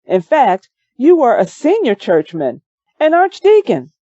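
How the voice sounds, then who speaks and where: A woman reading in the voice of a breezy male radio talk show host, lifted well above her own pitch in an announcer's cadence. The recording is slightly dull and muffled. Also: huge pitch swings, unhurried, warm tone, dry recording, heavily acted. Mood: upbeat.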